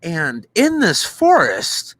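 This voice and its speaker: A man co-hosting a podcast over a video call, rambling through a deadpan bit with plenty of restarts. His voice rises and falls a lot. The sound is dry and close. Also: a little high, slow pace, no room sound. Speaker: podcast co-host. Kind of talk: casual chat.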